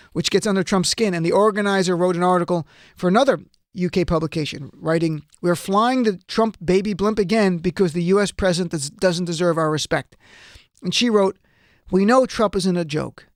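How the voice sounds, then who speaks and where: A man's voice: high voice, no echo, studio quality. A man hosting a political talk radio show, delivering an indignant monologue that rises to outraged rants.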